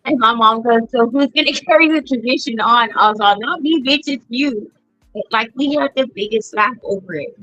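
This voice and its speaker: A woman's voice: on the high side, brisk, bright, forceful tone, no echo, soft background music. A middle-aged woman hosting a podcast, telling family stories bluntly with plenty of swearing. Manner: blunt, profane storytelling. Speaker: podcast host. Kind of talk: casual chat. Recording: dull lo-fi sound.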